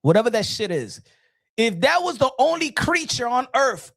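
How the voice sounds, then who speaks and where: A man's voice: very high-pitched, very animated, moderate pace, vocal fry, a bit bright, breathy edge, dry recording, clean studio sound. A man hosting a casual reaction commentary, ranting in a mocking, profane way. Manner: profane, mocking, laughing rant. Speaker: commentary channel host.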